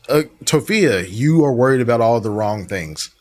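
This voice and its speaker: A man's voice: mid-range voice, lively intonation, moderate pace, hardly any pauses, darkish tone. A man doing commentary over a stream, talking back with dismissive sarcasm. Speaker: commentary host. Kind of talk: mocking commentary.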